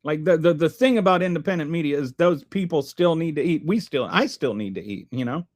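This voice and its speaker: A man's voice: fairly high pitch, animated, brisk. A man hosting a live stream, reading chat aloud and answering with sarcastic, rambling commentary full of restarts.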